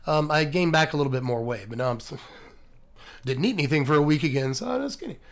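A man hosting a video, hoarse and scratchy from laryngitis, rambling and joking through his sign-off. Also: on the high side, animated, fast. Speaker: host. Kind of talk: casual video outro.

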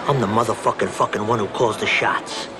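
A man playing a threatening male mob boss in a film clip, with loud music behind him. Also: lowish voice, fairly even intonation, brisk, voice pushed down. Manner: threatening, commanding.

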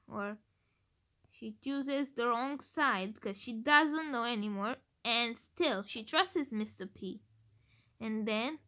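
A Romanian woman who makes gaming videos talks casually through her game predictions, thinking out loud and restarting hesitantly. Her voice is slightly high with a sharp tone, and the talk is a relaxed game-theory chat.

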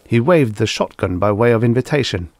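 A man reading vintage science fiction stories aloud as an audiobook narrator, in a steady, measured way. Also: fairly low pitch, no echo.

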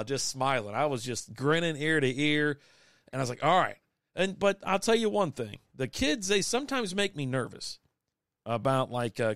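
A man's voice: mid-range voice, a bit bright, clear, resonant tone, dry recording. Chatty man, dry close sound. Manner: rambling, chatty, with many restarts. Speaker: podcast host. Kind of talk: casual live-stream chat. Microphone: desk microphone.

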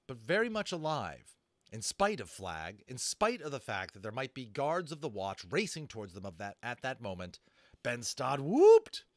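Man, audiobook narrator, animated, dry recording, expressive storybook reading. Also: medium pitch, dry recording. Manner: expressive, with brief asides to listeners.

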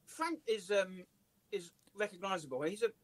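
English male comedian, high voice, animated storyteller, dry recording. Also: normal speed, no room sound. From England. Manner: lively, laughs through his stories. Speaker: comedian and writer, guest. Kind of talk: casual anecdotal storytelling. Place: office.

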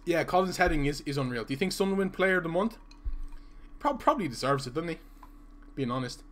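A man's voice: fairly high pitch, sing-song, a little fast, fairly bright tone. A young man, chatting and joking casually through a live gaming stream while he reads out viewer messages.

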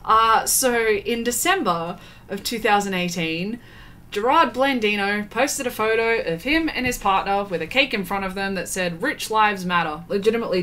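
A woman's voice: on the high side, fairly bright tone, a little hiss or hum. A woman doing casual commentary, exasperated and sarcastic, swearing freely and laughing often. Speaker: beauty commentary YouTuber.

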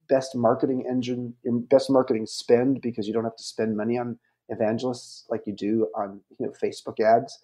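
A middle-aged man speaks as a guest on a podcast interview, his voice mellow and warm at an ordinary pitch. He talks in measured, reflective phrases, now and then pausing with an um.

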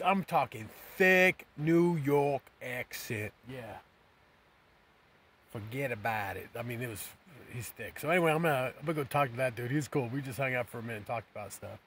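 A man's voice: medium pitch, a bit bright, a little hiss or hum. A man chatting casually in a rambling, upbeat way while at a riverside campground. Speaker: vlogger. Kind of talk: casual camping vlog.

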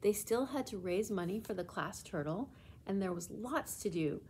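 A woman librarian reading a children's book aloud in a clear, gentle storytelling manner. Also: mid-range voice, lively intonation, normal speed, slight background noise.

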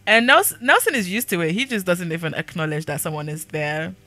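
A young woman chatting her way through a life-sim game as a YouTuber, laughing often and speaking for her characters. Her pitch sits a bit low, but her tone is bright and edgy. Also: a little fast, faint music behind. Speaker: gaming YouTuber. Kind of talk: casual let's-play commentary.

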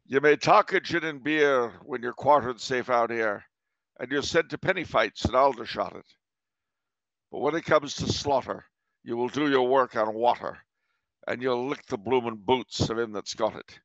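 A man's voice: medium pitch, moderate pace, fairly bright tone, no room sound, close to an everyday voice. A man voicing a grizzled Victorian British army soldier, reciting verse in a put-on, self-described bad British accent. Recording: dull lo-fi recording.

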